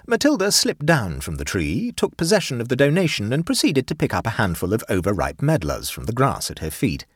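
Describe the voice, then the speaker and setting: Speaking in a husky, slightly breathy voice, a male narrator tells a story with wry, measured delivery. His pitch swings widely, and the recording is close and dry, with no room sound at all.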